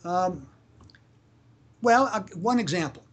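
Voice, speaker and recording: A man from Canada who works as a family lawyer speaks in a high-pitched, animated voice. In a casual interview, he acts out shouted examples and keeps restarting his sentences.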